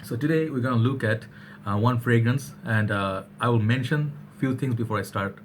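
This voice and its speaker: A man's voice: mid-range voice, moderate pace, slight background noise. A man chatting energetically to camera as a fragrance reviewer. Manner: chatty, energetic, keeps saying "all right". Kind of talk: casual chat to camera.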